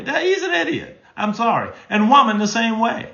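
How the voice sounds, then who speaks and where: A man's voice: very high voice, big pitch swings, normal speed, vocal fry, pushed and bright, echoey room, lo-fi sound. A man in his sixties, a marriage counselor answering live questions in a folksy, emphatic way. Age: 60s. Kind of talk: live stream Q&A.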